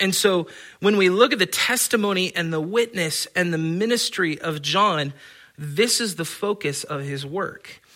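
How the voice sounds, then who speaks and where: Bright-voiced emphatic male preacher. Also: sits high. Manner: earnest, emphatic, with frequent stammered restarts. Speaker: pastor. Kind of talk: sermon.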